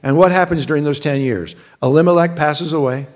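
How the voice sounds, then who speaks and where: A pastor delivers his sermon in a loose, chatty style, his brisk, darkish voice pitched a bit above the typical man's. He trips over words and repeats them as he starts sentences over, and he frequently addresses the congregation directly.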